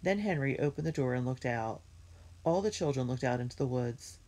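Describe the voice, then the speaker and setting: A woman reading a children's chapter book aloud in a measured, gentle way. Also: a bass voice, animated. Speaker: reader.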